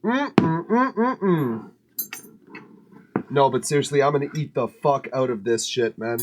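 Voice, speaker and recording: A man's voice: mid-range voice, brisk, a little hiss or hum. Laid-back chatty male streamer. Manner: relaxed, chatty, swears casually, laughs often. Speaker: music feedback stream host. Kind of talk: casual livestream chat. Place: home studio.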